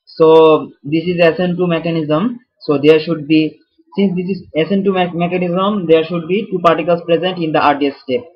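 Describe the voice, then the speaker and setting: A man walks viewers through a chemistry problem in casual, halting speech, restarting words and poking fun at himself. His voice is breathy and a little high. The recording is muffled and lo-fi. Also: fairly even intonation. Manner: self-deprecating, restarts words, addresses viewers as fellas. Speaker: chemistry tutor. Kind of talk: casual whiteboard tutorial. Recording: dull lo-fi sound.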